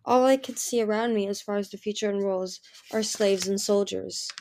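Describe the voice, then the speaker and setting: A woman's voice: mid-range voice, steady tone, moderate pace, darkish tone, natural voice. A woman voicing a lonely, grieving male dragon who pleads and turns bitter, in an audiobook reading. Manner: pleading, raised and emotional.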